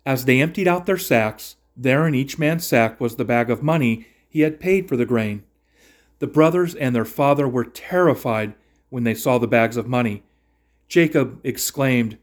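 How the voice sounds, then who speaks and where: A man's voice: medium pitch, normal speed. Man reading scripture steadily. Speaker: scripture reader. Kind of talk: scripted narration of a Bible story.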